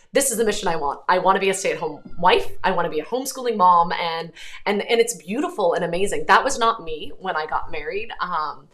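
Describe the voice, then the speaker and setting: A woman's voice: lowish voice, a bit bright. A woman in her thirties hosting a livestream, reading viewer comments aloud and chatting about them in a rambling way, with frequent ums and self-corrections. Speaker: host.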